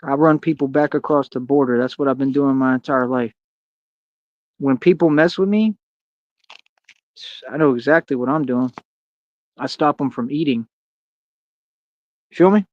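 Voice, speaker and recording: A man's voice: medium pitch, normal speed, long pauses, no echo, highs cut off. A man delivering a confrontational, boastful rant as a streamer, heavy on slang and taunts. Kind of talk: ranting monologue to camera.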